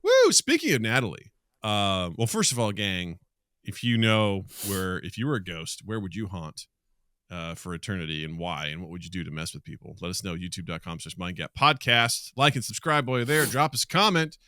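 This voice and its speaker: Chatting casually as a podcast co-host, a man in his thirties tells stories a little fast in a smooth, low voice. He performs the quotes of the people in his stories with animation, and the audio is dry, clean studio quality.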